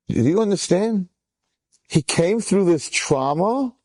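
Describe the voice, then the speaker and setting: A man, a rabbi, telling an inspirational story to young listeners with lively, acted-out quotes. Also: dry recording. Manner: animated, acts out the old survivor's words with big pitch jumps.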